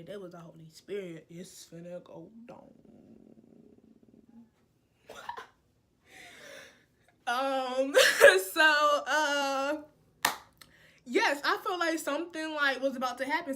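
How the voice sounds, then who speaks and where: A young woman vlogger telling a story in a casual, slangy way, jumping between loud outbursts and low asides.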